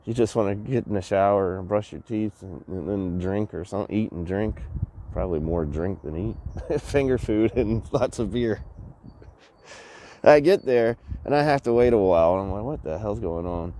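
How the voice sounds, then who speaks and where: A man's voice: fairly low pitch, normal speed, warm tone. A man vlogging outdoors in a city, telling a rambling story, swearing, laughing a lot and mimicking the people in it. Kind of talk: rambling travel story while exploring a city.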